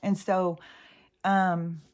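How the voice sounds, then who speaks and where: Female vlogger, slightly low pitch; loose, emotional, meandering delivery with fillers and cursing. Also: little pitch movement, drawn-out words, a little mellow. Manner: rambling and emotional, with many fillers and swearing. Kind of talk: casual spoken monologue.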